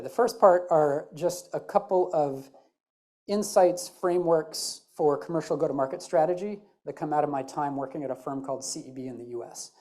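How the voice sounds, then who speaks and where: Midwestern American woman, low dark voice. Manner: chatty, joking and self-deprecating. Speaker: conference speaker. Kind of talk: conference talk. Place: conference stage.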